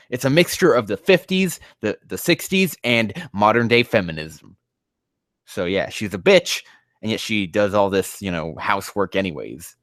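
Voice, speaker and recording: Male commentator ranting over a bad fanfic, swearing often, lively swooping pitch, dry close mic. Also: no echo. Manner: profane, exasperated ranting. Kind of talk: comedic reading commentary.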